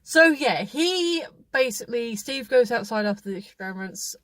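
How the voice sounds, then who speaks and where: A woman's voice: a little high, lively intonation, normal speed, a bit bright, dry recording. A woman hosting a casual film review chat, rambling and chatty with frequent laughs. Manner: rambling, chatty, laughs often, many restarts.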